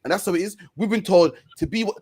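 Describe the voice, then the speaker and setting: A man hosting an online stream discussion, talking in a fast, emphatic, preaching way. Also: high-pitched, darkish tone, slightly rough.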